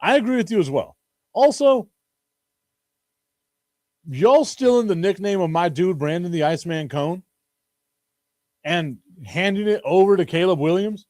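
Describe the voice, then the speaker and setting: A man's voice: sits high, expressive, a little slow, long pauses, darkish tone, dry recording. Joking male sports talk host. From Chicago. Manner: joking, rambling, laughs often. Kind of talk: casual sports talk stream.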